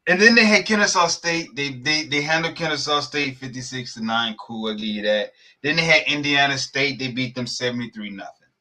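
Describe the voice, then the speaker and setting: A man, co-hosting a sports podcast, ranting about college football schedules in a heated, profane, animated way. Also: mid-range voice, a little fast. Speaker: podcast co-host. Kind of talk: casual sports debate.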